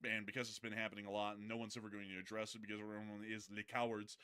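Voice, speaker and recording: A man's voice: fairly low pitch, little pitch movement, sharp tone. Joking man hosting live news commentary. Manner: joking asides and quick self-corrections.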